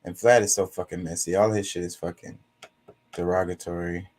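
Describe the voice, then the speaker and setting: A man's voice: low voice, steady tone, a little fast, darkish tone. A man reading viewer comments aloud and reacting to them in blunt, profane casual chat aimed straight at his audience. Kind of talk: casual live-stream commentary.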